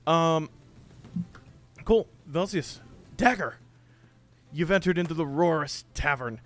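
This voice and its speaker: A man running a tabletop game as game master, narrating in an animated, casual, swearing way. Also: fairly high pitch.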